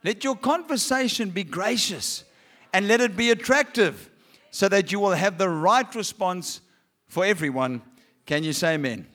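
A man preaching a sermon, energetic and rhythmic, repeating phrases and acting out his examples. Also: high-pitched, normal speed.

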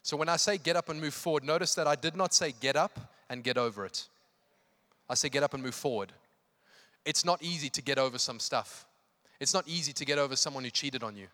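Brisk and sharp-toned, a pastor with a medium-pitched voice drives home his evening sermon with fervent emphasis and repeated phrases. The recording carries the long reverb of a church hall.

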